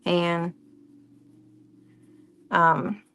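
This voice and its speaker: Slow-talking woman chatting while crafting. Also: on the low side, monotone, creaky, fairly bright tone, smooth. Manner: rambling storyteller, greets viewers by name. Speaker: craft live-stream presenter. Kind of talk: casual chat while crafting.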